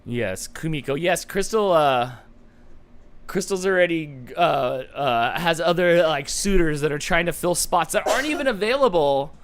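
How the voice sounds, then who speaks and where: A man's voice: fairly high pitch, lively intonation, normal speed, a little hiss or hum. A man hosting a casual livestream chat, rambling and joking about himself. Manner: rambling, joking, self-deprecating. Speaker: host.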